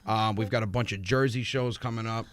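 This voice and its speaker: A young man, a comedian guest, telling loud teasing stories and joking banter on a morning radio show. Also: lowish voice, fairly quick, no echo, studio quality. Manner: animated, teasing, voices people in his anecdotes.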